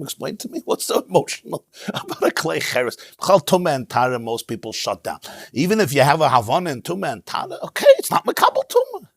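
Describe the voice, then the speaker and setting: A man teaching a Torah class as a rabbi, in an animated, emphatic way, sprinkling in Hebrew terms. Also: fairly high pitch, vocal fry, slightly rough, no echo, studio quality. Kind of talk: lively Torah lecture. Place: synagogue.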